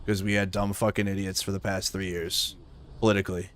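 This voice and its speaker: A man's voice: low-pitched, flat delivery, a little fast, a bit bright. A man hosting a live news commentary stream, talking bluntly and with profanity. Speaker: livestream news host.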